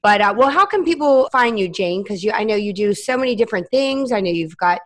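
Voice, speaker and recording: Woman, interview host, from Southern Maryland, affirming, casual chat, medium pitch. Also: animated. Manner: warm affirming, quick to agree. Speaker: podcast host.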